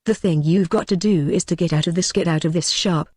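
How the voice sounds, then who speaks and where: A reader voicing a musing Edwardian gentleman. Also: mid-range voice, a little fast, husky, dry recording, studio quality, lightly acted. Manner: modest, musing storyteller. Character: reflective Edwardian gentleman telling a ghost tale.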